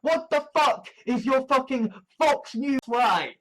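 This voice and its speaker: A man's voice: very high-pitched, lively intonation, slow pace, a bit bright. A man vlogging, rambling bluntly about politics and swearing freely. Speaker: video blogger. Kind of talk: profane ranting commentary.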